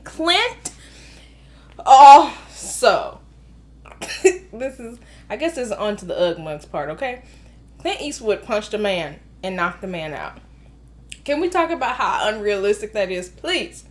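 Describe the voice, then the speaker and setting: A woman's voice: high-pitched, fairly bright tone. A woman in her thirties giving an emphatic, exasperated casual film review, repeating herself for effect. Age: 30s. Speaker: movie reviewer.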